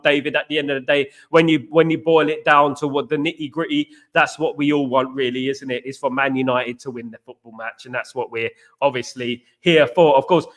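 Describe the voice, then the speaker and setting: With a slightly high, somewhat bright voice, a man hosting a football channel chats live with his audience. He responds to viewer comments, calls people by name, and leans on stock phrases.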